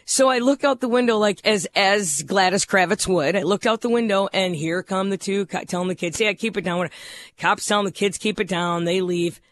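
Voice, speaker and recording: Brief: high-pitched, bright man, animated storyteller who laughs a lot. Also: fairly quick, hardly any pauses, a little hiss or hum. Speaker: radio show co-host. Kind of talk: casual chat.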